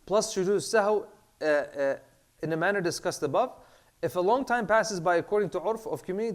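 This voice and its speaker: Man casually teaching Islamic law. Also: fairly high pitch. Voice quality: clears throat, says he has a bad throat. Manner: relaxed, mixes Arabic terms into English, many fillers and repeats. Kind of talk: casual classroom lecture.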